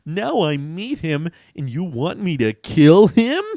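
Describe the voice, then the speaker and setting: A man voicing an eager young male superhero from a homemade comic, with loud, excited exclamations. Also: on the high side, takes it slowly, no room sound, studio quality, pitched above the performer's own voice, exaggerated voice.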